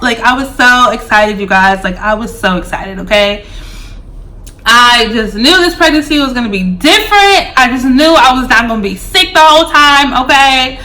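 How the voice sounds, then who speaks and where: A woman's voice: fairly high pitch, normal speed, pushed and bright. A woman in her twenties telling a personal story to her viewers in a chatty way, full of "like" and "um". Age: 20s. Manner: chatty, fillers like "like" and "um", addresses viewers directly. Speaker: vlogger. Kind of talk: casual storytime.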